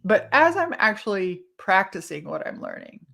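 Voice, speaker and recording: A woman from Texas, telling a personal story in a casual monologue, animated and swearing freely. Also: medium pitch, normal speed, creaky. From Texas, USA. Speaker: podcast host.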